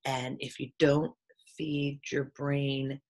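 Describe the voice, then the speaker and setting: A woman talking in a casual, reflective monologue, earnest in tone and acting out quoted voices with sudden jumps in pitch. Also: level tone, takes it slowly, darkish tone. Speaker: teacher sharing opinions.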